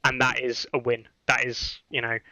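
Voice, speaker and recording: Bright, smooth-voiced male podcast host. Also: medium pitch, monotone, normal speed, no room sound, poor audio. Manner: chatty, many fillers and restarts. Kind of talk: casual chat.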